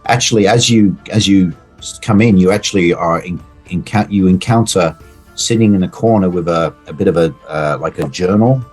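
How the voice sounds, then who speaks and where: A man narrating as game master of a tabletop game, halting with restarts. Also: low-pitched, a little mellow. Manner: halting, many fillers and restarts.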